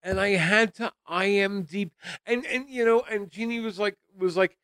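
A man's voice: high-pitched, moderate pace, a bit bright, clean tone, no room sound. A man co-hosting a podcast, chatting casually about a movie in a profane, incredulous way. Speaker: podcast co-host. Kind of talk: casual movie review chat.

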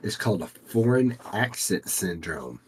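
A man's voice: fairly low pitch, big pitch swings, measured pace, breathy edge, poor audio. A man co-hosting a casual comedic chat, explaining things in a dry, matter-of-fact way. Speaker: podcast co-host.

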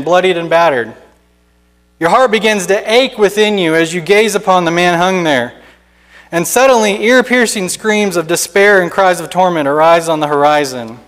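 High-voiced preacher in a reverberant church. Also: male voice, a bit bright. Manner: dramatic storytelling, building intensity. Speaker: guest preacher. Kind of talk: sermon with imaginative narration.

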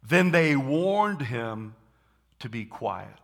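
A man preaching a sermon, animated, acting out scenes and shouting dramatically. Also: mid-range voice, extremely slow.

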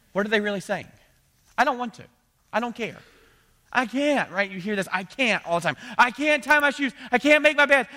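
Bright-voiced man preaching conversationally. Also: medium pitch. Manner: conversational preaching, acts out voices, frequent "right?". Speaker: pastor. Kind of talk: sermon.

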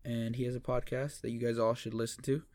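A man's voice: mid-range voice, little pitch movement, quick pace, a little mellow, no room sound. A young man co-hosting a podcast in casual chat, rambling and swearing with lots of restarts. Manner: rambling, profane, restarts a lot. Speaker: podcast co-host.

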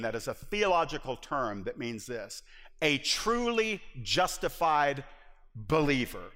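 A man's voice: a little high, a bit bright. A man from the Southern US preaching a sermon as pastor, earnest and emphatic. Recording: long hall reverb.

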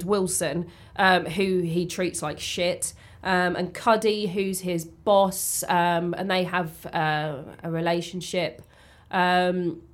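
A woman in a casual podcast chat, talking bluntly with many ums and restarts. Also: medium pitch. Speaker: podcast co-host.

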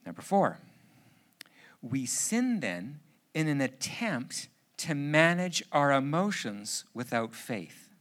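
A middle-aged man from Canada delivers a sermon in a bright, somewhat high voice. He keeps it conversational and jokey, then pushes into emphatic, urgent preaching. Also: big pitch swings, slow. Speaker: pastor.

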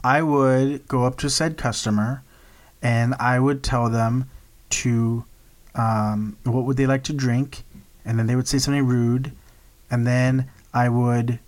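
A man co-hosting a podcast, talking casually with a joking, teasing manner. He rambles through anecdotes with easy, loose delivery. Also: mid-range voice. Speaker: podcast co-host.

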